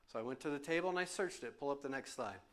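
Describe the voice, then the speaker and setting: A man's voice: medium pitch, lively intonation, fast talker, fairly bright tone. A man preaching as pastor in a church, speaking emphatically in a question and answer session and repeating phrases for stress. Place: church sanctuary.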